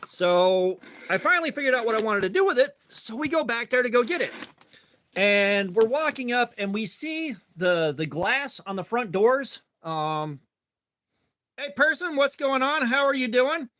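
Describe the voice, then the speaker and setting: A man's voice: high voice, lively intonation, moderate pace, a bit bright, a little hiss or hum. A man streaming live, telling a rambling story in a laid-back way and greeting chat as he goes. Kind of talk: casual storytelling while sharpening.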